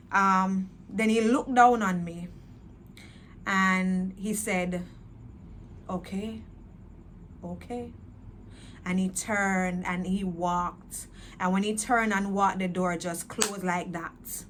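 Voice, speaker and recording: A woman's voice: mid-range voice, fairly bright tone, slight background noise. Earnest woman with a lilt. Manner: earnest, repetitive, emotional retelling. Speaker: testimony speaker. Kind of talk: personal testimony storytelling.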